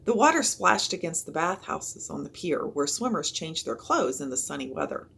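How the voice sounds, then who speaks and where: A woman reading a children's chapter book aloud in an expressive storytelling manner. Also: deep voice, moderate pace, gravelly, breathy edge. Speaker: reader.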